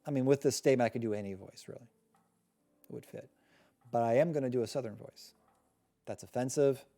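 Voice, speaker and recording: A man hosting a live discussion, talking in a thoughtful, rambling way that trails off quietly. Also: medium pitch, brisk, vocal fry. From Massachusetts, USA. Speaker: host.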